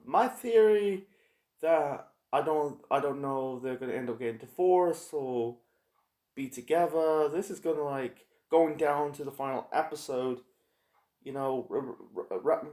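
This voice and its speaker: A man casually reviewing a TV episode, rambling and halting with lots of fillers and restarts. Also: medium pitch, darkish tone. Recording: echoey room.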